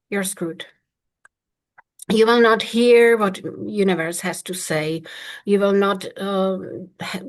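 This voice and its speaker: Blunt, emphatic woman coach. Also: fairly low pitch. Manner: blunt, emphatic, swears freely. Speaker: manifestation coach. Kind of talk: casual coaching talk.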